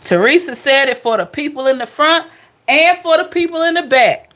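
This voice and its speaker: A woman's voice: sits high, lively intonation, normal speed, a bit bright, slight background noise. A woman giving a casual tarot reading, chatty, blunt and playful, speaking straight to her viewers. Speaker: tarot reader.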